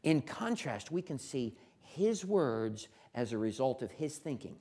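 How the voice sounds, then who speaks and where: A preacher delivering an expository sermon, swinging between loud emphatic bursts and hushed low asides, often repeating words and restarting phrases. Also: big pitch swings, measured pace, hardly any pauses.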